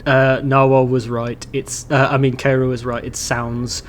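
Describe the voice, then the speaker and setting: A man narrating a tabletop fantasy game as game master, describing scenes in a measured way. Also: medium pitch, level tone, slight background noise.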